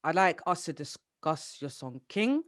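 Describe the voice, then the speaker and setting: A woman's voice: low-pitched, moderate pace, a little mellow. A woman hosting a casual music podcast, playful and bubbly, laughing often. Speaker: podcast host. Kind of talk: casual interview chat.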